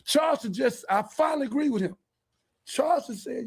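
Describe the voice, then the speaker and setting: Guy with a real high voice going off on a podcast, cussing, preaching, yelling now and then. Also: animated, quick pace, gravelly, slightly rough. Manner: fiery, profane, preachy, bursts into shouting. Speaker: podcast host. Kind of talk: heated monologue.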